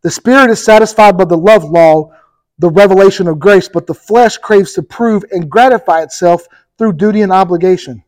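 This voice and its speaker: A male pastor preaching a sermon with energetic emphasis, speaking straight to the congregation and often checking in with "okay?" and "right?". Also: high-pitched, normal speed, poor audio. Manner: addresses the congregation directly, with repeated "okay?" and "right?".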